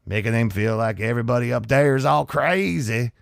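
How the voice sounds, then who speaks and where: A man's voice: mid-range voice, a little fast, vocal fry, no room sound, clean studio sound. A man hosting a comedy podcast, ranting in a sarcastic, exasperated way with frequent restarts. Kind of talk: casual comedic rant.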